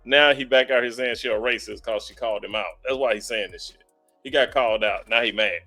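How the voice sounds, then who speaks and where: A man's voice: medium pitch, a little fast, pushed and bright. Laughing, teasing man, faint music behind. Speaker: podcast co-host. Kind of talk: casual reaction commentary.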